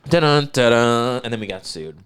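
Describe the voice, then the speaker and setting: A man's voice: mid-range voice, lively intonation, normal speed, fairly bright tone, clear, resonant tone. A man with a Northeastern US accent, co-hosting a podcast and telling stories in a profane, ranting way. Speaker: podcast co-host. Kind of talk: casual chat.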